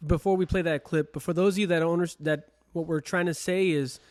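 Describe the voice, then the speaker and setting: A man's voice: on the high side, steady tone, a little fast. A young man co-hosting a casual podcast, earnestly urging listeners to think for themselves. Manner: earnest, addresses listeners directly. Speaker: podcast co-host.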